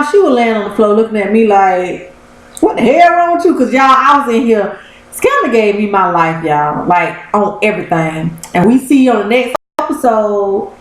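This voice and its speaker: A woman in her thirties, talking to camera from a room at home and recapping a TV episode with lively, story-like energy. She addresses her viewers directly and keeps a middle-pitched voice. The room adds a noticeable echo. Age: 30s. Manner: animated storyteller, talks straight to viewers. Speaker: TV episode reviewer. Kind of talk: casual recap vlog. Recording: roomy echo.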